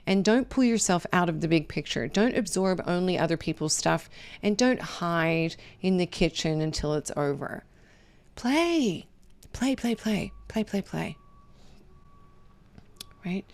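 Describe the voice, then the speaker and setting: A woman's voice: on the low side, darkish tone. A woman hosting a podcast, giving casual life advice, talking conversationally and checking in with "right?" at the end of her points. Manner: conversational, keeps asking "right?", sometimes drops to a whisper. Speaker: podcast host.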